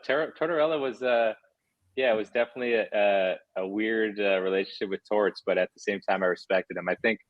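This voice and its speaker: Candid rambling former hockey player, low voice. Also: male voice, no echo, muffled recording. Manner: rambling, candid, many fillers and restarts. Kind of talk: casual interview chat.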